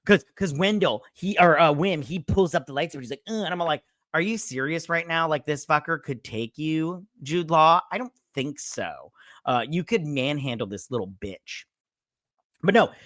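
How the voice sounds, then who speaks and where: A man's voice: fairly high pitch, pushed and bright, no echo. A man hosting a crude, exasperated episode review, mocking the characters and swearing constantly. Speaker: host. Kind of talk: profane episode review rant.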